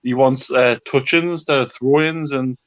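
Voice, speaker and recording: A man's voice: medium pitch, fairly even intonation, moderate pace, dull audio. A man hosting a casual live stream, giving rambling, opinionated takes full of restarts.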